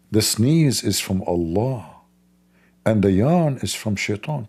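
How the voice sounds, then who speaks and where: A man's voice: fairly low pitch, lively intonation, takes it slowly, pauses often, a little mellow, husky. A man hosting a livestream, talking in a mocking, sarcastic way. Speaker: host. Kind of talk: livestream commentary.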